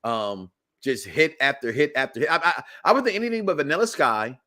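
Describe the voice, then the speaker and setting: Animated, joking man on a podcast. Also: mid-range voice, brisk. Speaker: co-host. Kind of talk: casual podcast chat.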